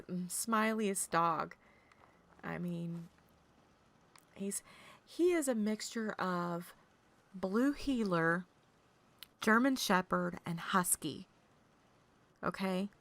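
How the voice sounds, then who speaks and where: A woman chatting casually with viewers, telling stories in an animated way and laughing often. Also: fairly low pitch, gravelly. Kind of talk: casual chat.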